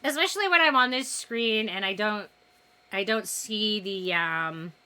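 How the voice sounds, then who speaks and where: A woman's voice: mid-range voice, lively intonation, a little slow, bright, forceful tone, smooth. A woman streamer chatting casually between poem readings, giggly and self-deprecating, rambling a little. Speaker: streamer hosting a poetry night. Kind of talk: casual live-stream chat.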